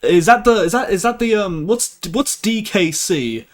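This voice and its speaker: A young man runs a live stream, talking casually with his viewers at an ordinary pace. His voice is high with lively intonation, and he laughs a lot and keeps restarting sentences.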